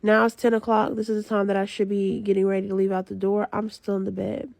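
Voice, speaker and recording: Exhausted young woman with a gravelly voice. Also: medium pitch, completely flat delivery, fast, darkish tone, dry recording. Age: young adult. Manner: exhausted, venting, swearing often. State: very tired. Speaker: student with a retail job. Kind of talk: casual vlog confession. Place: lying in bed.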